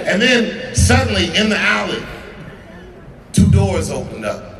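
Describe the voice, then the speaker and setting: A man in his forties doing profane, conversational stand-up storytelling with dramatic pauses, on stage in a large outdoor amphitheater. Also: sits high, big pitch swings, music in the background. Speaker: stand-up comedian. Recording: distant, echoing amphitheater sound with crowd.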